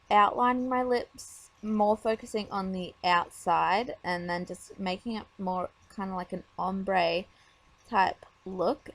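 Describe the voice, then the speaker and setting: A woman talking casually over her makeup tutorial, chatty and rambling with lots of fillers. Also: medium pitch.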